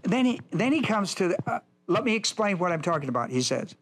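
A man's voice: sits high, big pitch swings, fast talker, few pauses. A male pastor teaching a Bible lesson, emphatic and repetitive, speaking straight to his class. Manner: emphatic, repeats points, addresses the class directly.

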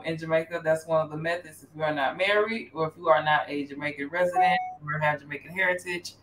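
A woman's voice: fairly low pitch, fairly bright tone, a little hiss or hum. A woman hosting a casual panel chat who explains the services on offer in a plain, chatty way. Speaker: host and relocation consultant. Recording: roomy echo.

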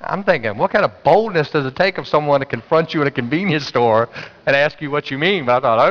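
Pastor preaching in a dull, echoing hall. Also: male voice, a little high, animated, brisk. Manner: conversational storytelling, urging the congregation to respond. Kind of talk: sermon. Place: church sanctuary.

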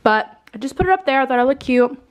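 A woman in her twenties with a high, clear, resonant and animated voice talks quickly while showing her home. As a lifestyle vlogger in a casual home tour chat, she gushes about her holiday decor, a bit breathless and swearing casually.

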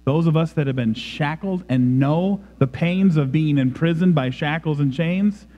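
A man's voice: a little high, normal speed, dark tone, long reverb tail, muffled recording. A man preaching a sermon in a church, emphatic and dramatic. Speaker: pastor. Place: church sanctuary.

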